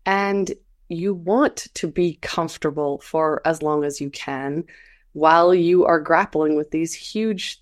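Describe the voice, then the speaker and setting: Woman talking it through, kinda low voice, thoughtful, stops and restarts a lot. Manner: reflective, searching for words. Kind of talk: earnest conversational talk.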